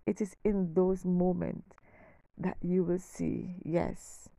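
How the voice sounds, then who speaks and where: A middle-aged woman hosting her own podcast, speaking in a slow, emphatic, heartfelt way, repeating phrases and sometimes dropping almost to a whisper. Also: on the low side, steady tone, gravelly, mellow, no room sound. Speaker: podcast host. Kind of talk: heartfelt faith-based podcast monologue.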